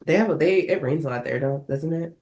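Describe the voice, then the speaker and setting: A woman's voice: low-pitched, mellow. A woman co-hosting a podcast, chatting playfully and teasing. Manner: playful, teasing, quick to mimic others. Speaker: podcast co-host. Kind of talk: casual chat.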